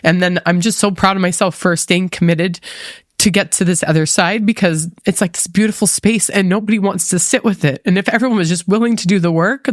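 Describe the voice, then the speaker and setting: A woman's voice: lowish voice, a little fast, no room sound, clean studio sound. A middle-aged woman speaking as a podcast guest, earnest and openly emotional, with many fillers as she talks. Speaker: podcast guest, mindset coach. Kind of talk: candid interview conversation.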